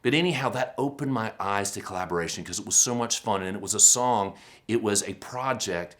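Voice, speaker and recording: In his fifties, this keynote speaker delivers a motivational talk in a lowish voice, moving a little fast. He tells stories animatedly, pokes fun at himself, and throws out rhetorical questions.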